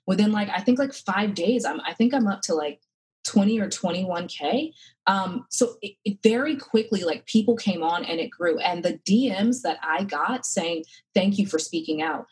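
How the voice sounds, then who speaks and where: A woman's voice: medium pitch, slightly rough, rough recording. A woman in her thirties, a podcast guest, telling her story earnestly and with feeling, with many fillers and restarts. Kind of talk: casual interview talk.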